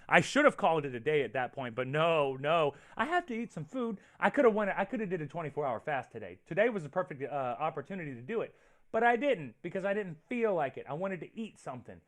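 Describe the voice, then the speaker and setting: A man hosts his own show in loose livestream chat, rambling from one thought to the next and reacting to viewers with profane, animated energy. His voice sits a little high for a man, swings widely in pitch and has a sharp, bright edge. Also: quick pace, no echo, studio quality. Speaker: show host.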